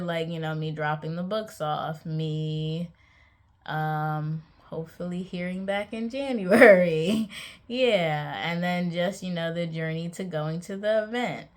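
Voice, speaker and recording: A young adult woman vlogging casually about her writing, chatty and hesitant with many ums. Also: on the low side. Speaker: author vlogger. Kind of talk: casual vlog monologue.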